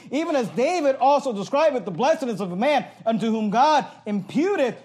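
A pastor preaching an emphatic sermon, reading verses aloud and explaining them line by line. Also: male voice, high-pitched, a little mellow.

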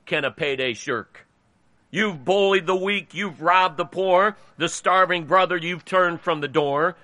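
A man's voice: fairly high pitch, sharp tone, dry recording, exaggerated voice. A male preacher voicing a gloating male devil who mocks his doomed passengers. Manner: mocking, gloating.

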